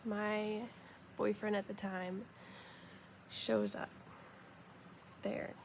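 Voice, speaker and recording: Chatty young woman with vocal fry. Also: medium pitch, very slow, slight background noise. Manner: chatty, animated retelling with quoted dialogue. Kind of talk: casual storytelling.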